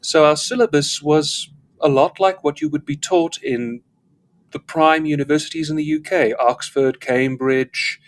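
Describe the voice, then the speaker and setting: A man's voice: on the high side, steady tone, unhurried. A man from South Africa who speaks with a polished British-schooled accent, a guest telling stories in a rambling, wry way on a live chat show. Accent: British-educated English, not South African.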